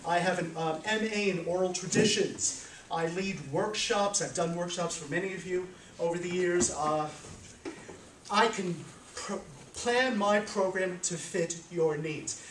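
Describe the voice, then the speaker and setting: A man's voice: high-pitched, a little slow, noisy background. Storytelling man in a roomy hall. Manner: animated, chuckling. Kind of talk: live storytelling to an audience. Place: room with a live audience. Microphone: small handheld camera from afar. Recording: roomy, from a distance.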